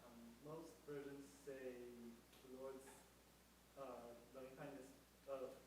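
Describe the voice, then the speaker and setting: A man's voice: mid-range voice, little pitch movement, takes it slowly, noisy background. Distant man in an echoey room. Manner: hesitant, uses fillers while commenting. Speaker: Bible study participant. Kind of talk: reading scripture aloud, then commenting.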